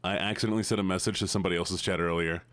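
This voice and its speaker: A man's voice: low-pitched, steady tone, racing, a bit bright, clean tone, no room sound, studio quality. Playful mumbling male streamer. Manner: playful, mumbly asides to chat. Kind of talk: casual live-stream chat.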